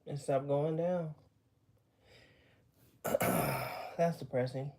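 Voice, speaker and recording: A man's voice: fairly high pitch, steady tone, extremely slow, a little mellow. A winded man, chatting on a livestream. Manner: tired, rambling, chatty with viewers. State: out of breath after running. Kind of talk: casual livestream chat.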